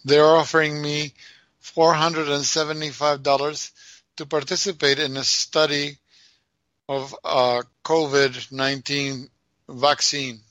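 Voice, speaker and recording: A man co-hosting a casual podcast chat, halting and repeating words, asking wry questions. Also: a little high, little pitch movement, fairly bright tone, no echo. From Minnesota, United States. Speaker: podcast co-host.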